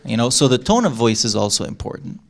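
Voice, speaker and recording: A middle-aged man giving a live talk to an audience in a room, animated, acting out lines and laughing often. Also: medium pitch, fast talker, vocal fry. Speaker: workshop speaker.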